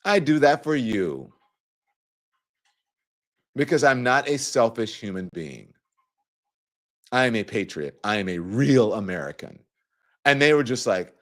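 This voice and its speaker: A middle-aged man hosting a casual opinion show, talking straight to viewers in a lively, mocking way. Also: medium pitch, measured pace, pauses often. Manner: animated, mocking, acts out quoted voices. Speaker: show host.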